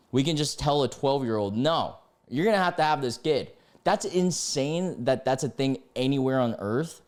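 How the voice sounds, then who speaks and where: A man in his twenties reads online posts aloud and reacts to them with excitable rants. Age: 20s. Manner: excitable, ranting, sudden jumps in pitch. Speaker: YouTuber reading Reddit posts.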